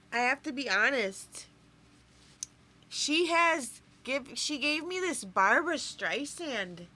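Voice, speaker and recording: Bright-voiced gushing woman co-host. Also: on the high side. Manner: emotional, gushing. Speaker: co-host guest. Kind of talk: casual reaction chat.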